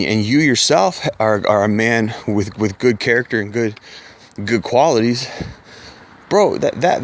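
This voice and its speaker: Blunt, profane ranting man. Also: medium pitch. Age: middle-aged. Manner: profane, scornful, mocking voices of others. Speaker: commentator. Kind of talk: blunt rant to camera.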